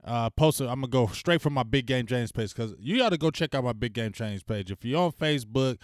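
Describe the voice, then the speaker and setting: A man hosting a casual sports livestream, talking in loose slang, venting and giving loud shout-outs. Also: mid-range voice, animated, brisk, no echo, clean studio sound. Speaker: sports talk stream host.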